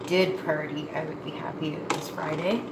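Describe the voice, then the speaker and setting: A woman's voice: deep voice, steady tone, normal speed. A woman from Scotia, chatting in a rambling, folksy, self-mocking way while she cooks in her home kitchen. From Nova Scotia, Canada. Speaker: cooking vlogger. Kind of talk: casual chat while cooking. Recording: echoey kitchen with cooking noise. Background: pots, dishes and kitchen clatter.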